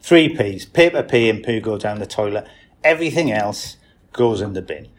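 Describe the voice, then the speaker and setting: A man's voice: on the low side, animated, normal speed. A man speaking as a guest expert on a podcast, blunt and punchy with a joking edge. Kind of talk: casual interview.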